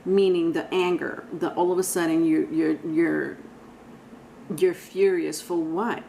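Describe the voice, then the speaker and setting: Female tarot reader, low-pitched, chatty and rambling, speaking directly to her viewers. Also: steady tone, unhurried, vocal fry, warm tone, slight background noise, poor audio. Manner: chatty, rambling, frequent sighs and laughs. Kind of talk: casual tarot reading.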